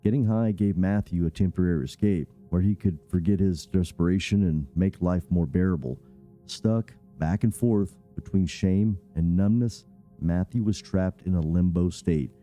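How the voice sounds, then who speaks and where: A man with a low, very dark and mellow voice narrates a true-crime story in a measured, somber tone. Faint music plays beneath his scripted delivery. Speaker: podcast host and narrator.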